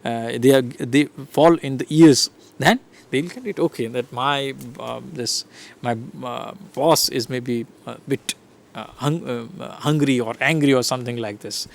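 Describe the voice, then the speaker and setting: A man's voice: mid-range voice, a little slow, vocal fry. A middle-aged man gives a recorded lecture, explaining slide by slide and checking in with "right?" and "fine". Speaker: English lecturer.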